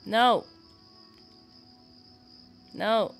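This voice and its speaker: A woman gaming streamer with a somewhat low voice, chatting loosely and rambling as she plays. She talks straight to her viewers while faint music plays in the background. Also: expressive, moderate pace. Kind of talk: casual live-stream commentary.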